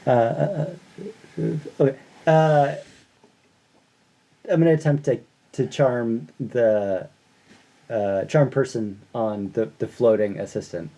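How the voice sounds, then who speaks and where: A woman's voice: rumbling low, slow pace, pauses often, warm tone, low-quality recording. A woman playing a tabletop game, describing her bard's actions hesitantly with many ums. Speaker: player.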